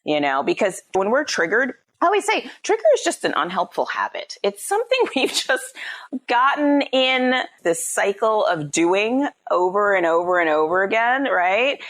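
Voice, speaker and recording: A middle-aged woman speaks as a podcast guest, explaining parenting ideas in an animated, conversational way. Her voice sits a little low, but her pitch swoops up and down a lot, and she often ends a point with "right?". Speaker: psychologist and parenting coach guest.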